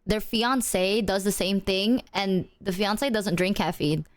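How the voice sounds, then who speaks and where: A woman's voice: mid-range voice, slow pace. A woman streamer in casual chat, laughing often and talking animatedly. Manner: giggly, animated, acts out quotes.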